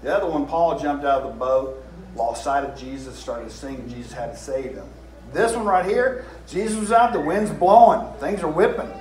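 Folksy Southern preacher, slightly high voice. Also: male voice, lively intonation, normal speed, darkish tone. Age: 50s. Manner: folksy, repeats phrases, asks the room questions. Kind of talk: informal sermon with Bible reading. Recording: echoey room with faint hiss.

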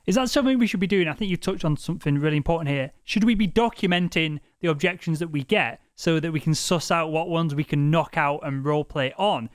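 A man's voice: on the high side, fast talker, hardly any pauses, no room sound, studio quality. A man hosting a podcast interview, asking eager, probing questions. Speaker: podcast host.

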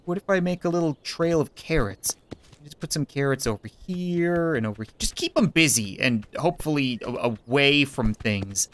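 A man's voice: on the high side, lively intonation, moderate pace, a bit bright. A young man giving playful let's-play commentary, goofy and giggly, often talking to the game characters in mock-polite asides. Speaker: gameplay commentator.

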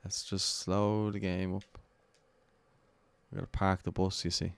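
A man's voice: low-pitched, little pitch movement, measured pace, smooth, no echo. An Irish man commentating his own football video game match live, anxiously urging his players on.

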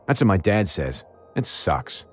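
A man's voice: low-pitched, big pitch swings, measured pace, husky, faint music behind, voice pushed up, heavily acted. A man voicing a blunt, frightened young girl in an audiobook, scolding and swearing at her friend. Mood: anxious.

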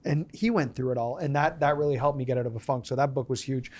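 A man's voice: mid-range voice, fast talker. A man in his thirties, a podcast guest, telling stories and acting out the dialogue in them. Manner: animated storyteller acting out quoted dialogue. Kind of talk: storytelling interview.

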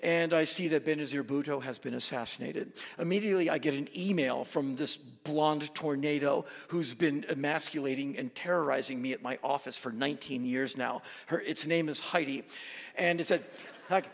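A man telling travel stories in an animated monologue, bursting into shouted voices when he quotes people. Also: fairly high pitch, normal speed, creaky, long reverb tail.

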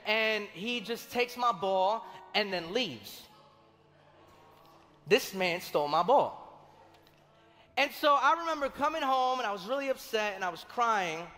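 Animated pastor. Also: male voice, high voice. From Colombia. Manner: animated, conversational, acts out quoted voices. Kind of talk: sermon with personal storytelling. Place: large church hall. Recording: long reverb of a church hall, faint music.

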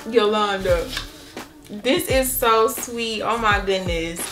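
Excited woman unboxing baby gifts, bright voice, light music in the background. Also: medium pitch, slow pace. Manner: gushing, excitable, Southern US casual speech. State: pregnant. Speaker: family vlogger opening baby shower gifts. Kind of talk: casual vlog chat.

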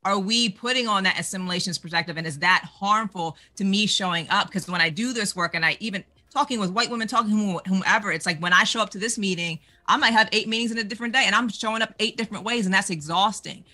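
Woman, very bright sharp voice, outspoken, passionate panelist. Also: mid-range voice, fast, few pauses. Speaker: panelist with a doctorate. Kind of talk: panel discussion.

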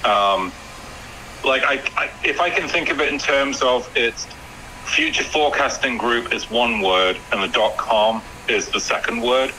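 Man with a very bright voice, dry and matter-of-fact. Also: medium pitch, measured pace, slight background noise, poor audio.

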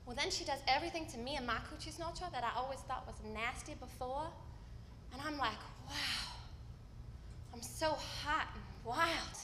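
A woman acting a stage monologue as a candid, wry woman recalling her teenage self, telling the story with vivid swings from hushed to loud. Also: high-pitched, moderate pace, a little hiss or hum. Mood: hushed tender. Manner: storytelling with vivid shifts in loudness. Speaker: stage actor. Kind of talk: live theatrical monologue. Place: theater stage.

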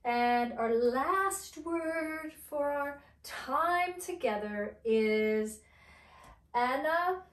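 A middle-aged woman teaches English to learners at a very slow, careful pace, spelling words out and mixing in Arabic phrases. Her voice sits a little high. She sounds set back from the mic in a roomy, echoing space. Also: recorded from a distance.

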